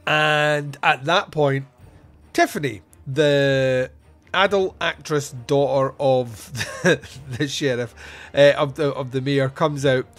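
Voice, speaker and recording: A man's voice: mid-range voice, slow, a bit bright. A man hosting a podcast on his own, recapping a film scene by scene in a wry, joking way with asides and fillers. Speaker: podcast host reviewing a film.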